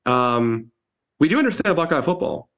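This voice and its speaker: Man, podcast co-host, casual chat, lively storyteller, swears a lot. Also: on the high side, moderate pace, vocal fry. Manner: animated storytelling, swears freely. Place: New York.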